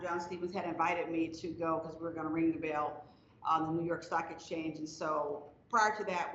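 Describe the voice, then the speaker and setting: Middle-aged lady telling her story on stage, lots of ups and downs in her voice, slight hiss in the room. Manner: expressive storyteller, rises and falls in pitch with the story. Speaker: interview guest, company executive. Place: festival stage. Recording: roomy, slightly muffled stage sound with faint noise.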